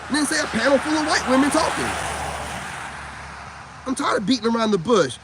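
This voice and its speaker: A man's voice: high-pitched, lively intonation, fast talker, pauses often, noisy background. A man giving a blunt, profane lecture in a casual rant straight to camera. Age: adult parent. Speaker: vlogger. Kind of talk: casual ranting monologue.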